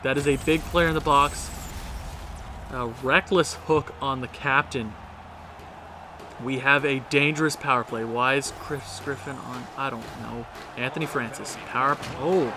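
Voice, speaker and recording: A young man with a fairly high voice casually comments on his own hockey video game at home late at night, exasperated as he pleads with his team. He's a gaming video creator, and there's background noise.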